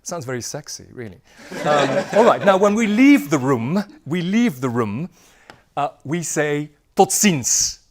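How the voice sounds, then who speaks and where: A man teaching a lively language crash course, playful and laughing often, repeating words for the class to echo. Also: a little high, a little slow. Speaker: Dutch language instructor.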